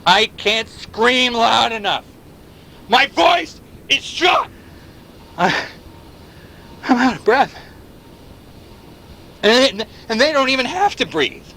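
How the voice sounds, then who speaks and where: A conspiratorial male activist in a video game, ranting with fierce conviction and hurling questions at whoever listens. His voice sits a little high and swings widely in pitch. The tone is bright and keen. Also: big pitch swings, moderate pace, long pauses, a little hiss or hum, exaggerated voice. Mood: impassioned rant. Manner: impassioned, rhetorical questions to the listener. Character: paranoid male anti-surveillance activist, intense and conspiratorial. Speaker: game character.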